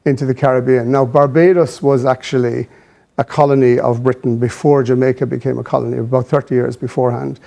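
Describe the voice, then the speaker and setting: A man as a studio guest, giving measured, thoughtful explanations with many pauses and fillers. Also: medium pitch, flat delivery, gravelly, dark tone. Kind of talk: explanatory interview answers.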